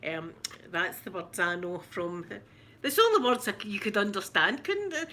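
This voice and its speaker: A woman's voice: mid-range voice, sing-song, moderate pace, pushed and bright. A middle-aged Scottish woman hosting a casual live chat with viewers, rambling and giggling with many restarts. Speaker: ASMR livestream host.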